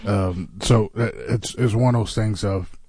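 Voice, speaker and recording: Low-voiced joking male podcast host. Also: a little slow, slightly rough, no echo, clean studio sound. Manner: relaxed, joking, hesitant with many fillers. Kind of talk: casual chat.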